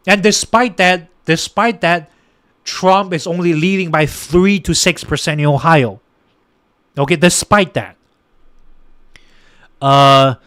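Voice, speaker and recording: A man's voice: high-pitched, a bit bright, dry recording, studio quality. A young man giving casual political commentary on a podcast, exasperated and ranting at his listeners, with many restarts and fillers.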